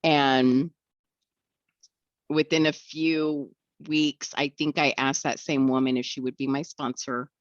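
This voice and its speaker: A woman's voice: very deep voice, steady tone, slow pace, no echo, muffled recording. A young woman tells her recovery story in a candid way, acting out the voices of the people she quotes and often laughing.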